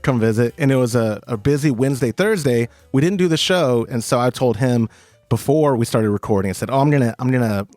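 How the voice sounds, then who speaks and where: Male podcast host, chatty and animated, swooping pitch, dry close mic. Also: brisk, no echo, soft background music. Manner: animated storytelling with quoted voices. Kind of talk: casual chat.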